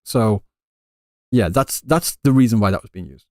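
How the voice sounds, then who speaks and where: A man's voice: on the low side, normal speed, a little mellow, no echo, clean studio sound. A male streamer living in Japan answering live chat questions in a casual, rambling way with many restarts. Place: Japan, Kansai area.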